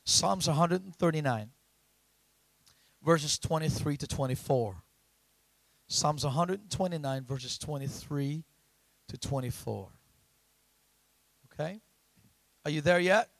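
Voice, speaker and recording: A man preaching a sermon, often asking the congregation questions and rising to loud emphatic lines. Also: on the high side, takes it slowly, gravelly, long pauses, dry recording. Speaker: pastor.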